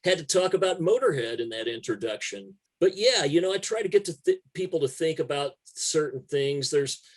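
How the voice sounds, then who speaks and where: A man talks casually as a music writer guest, swearing freely and hitting his words hard. His voice sits a little higher than most men's. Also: expressive, normal speed. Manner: profane, emphatic storytelling. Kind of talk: casual conversation.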